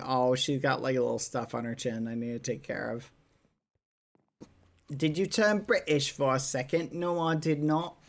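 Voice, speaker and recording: Slow, chatty streamer talking to chat. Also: mid-range voice, fairly bright tone. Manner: chatty, talks to chat and coos at a dog. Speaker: live streamer. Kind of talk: casual live-stream chat. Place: indoors at a desk.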